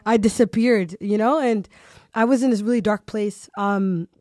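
A woman's voice: medium pitch, normal speed, a little mellow, no echo, clean studio sound. A woman hosting a podcast, chatting casually and animatedly, with lots of "you know" and "like" fillers. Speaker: podcast host.

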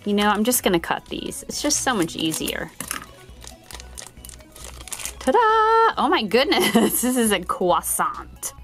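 A woman's voice: mid-range voice, animated, normal speed, few pauses, soft background music. A woman hosting a toy unboxing video, bubbly and giggly, gushing over each toy she opens. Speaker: toy channel host.

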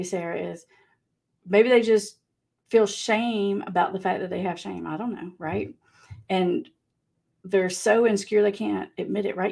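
A woman with a Southern US accent chats live with viewers and reads out their comments. Her voice is gravelly and husky, with a slight rasp. She talks easily and laughs often. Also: mid-range voice. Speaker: livestream host. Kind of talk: casual live chat.

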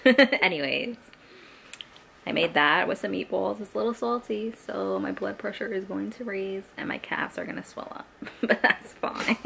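A woman's voice: on the low side, vocal fry, fairly bright tone, a little hiss or hum. A young woman chatting casually at home in a rambling vlog, laughing often as she talks. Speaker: lifestyle vlogger. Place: at home, indoors.

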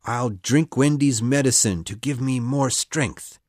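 A woman voicing a brave young boy hero in an audiobook, in a lower, earnest boyish voice. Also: a little slow, darkish tone, no echo, clean studio sound. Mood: defiant. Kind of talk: audiobook reading.

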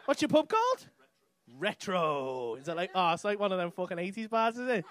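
A man's voice: high-pitched, very animated, a little fast, a bit bright, dry recording. A man doing stand-up, bantering with the crowd in a brash, sweary way on a comedy club stage. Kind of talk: crowd work.

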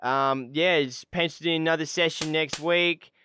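A man in an improvised VR comedy role-play with a deadpan, offhand delivery. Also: on the high side, moderate pace, slight background noise.

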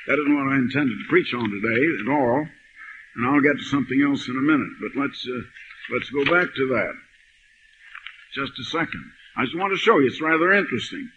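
An older man preaching a sermon, telling stories and reading scripture slowly and with emphasis, on an old lo-fi recording. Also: mid-range voice, expressive, noisy background. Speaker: pastor. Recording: dull lo-fi archive sermon recording.

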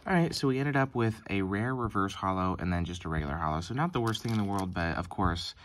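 A man's voice: sits low, lively intonation, fast, slight background noise. A young man hosting a casual card-opening video, chatting with lots of ums and self-corrections. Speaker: card-opening channel host. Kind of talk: casual pack-opening commentary.

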